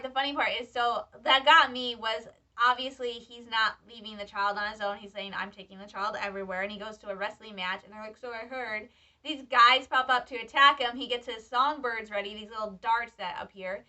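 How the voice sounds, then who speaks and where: Excitable high-voiced young woman vlogging. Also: moderate pace, hardly any pauses. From Michigan. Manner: excitable, chatty fan talk. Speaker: vlogger, student. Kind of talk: casual reaction vlog. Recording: slightly distant, dull lo-fi sound.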